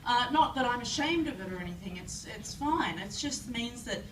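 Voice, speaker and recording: A woman's voice: a little high, moderate pace. A woman with an Australian accent doing a self-deprecating stand-up set in a pub, recorded by a phone from the crowd. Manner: self-deprecating, animated storytelling. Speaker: stand-up comedian. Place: pub comedy club. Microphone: phone camera from the audience. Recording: echoey pub room from far, noisy.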